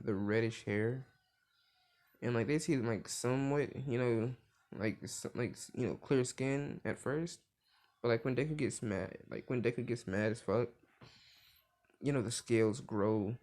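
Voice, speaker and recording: Retelling a cartoon crossover story, a young man speaks in a medium-pitched, slightly mellow voice. It's a casual, rambling account, profane and full of filler words like "like."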